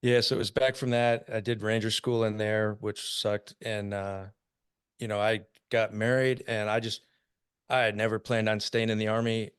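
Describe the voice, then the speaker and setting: A man's voice: on the low side, flat delivery, moderate pace, smooth, no room sound, studio quality. Laid-back American man in his fifties. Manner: laughs often while telling war stories. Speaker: podcast guest, army veteran. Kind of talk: casual storytelling.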